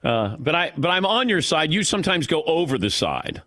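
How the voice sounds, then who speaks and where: A man's voice: fairly high pitch, sing-song, brisk, pushed and bright. A middle-aged man hosting a radio show, teasing his guest and laughing often. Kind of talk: casual radio talk.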